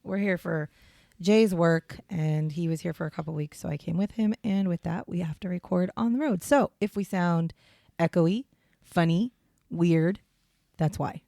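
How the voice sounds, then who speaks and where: In a lowish, creaky, mellow voice at normal speed, a woman co-hosts a casual true crime podcast, rambling with fillers. She records from a small hotel room on headphones and a portable podcast rig, and the sound is clean and studio-like with no echo.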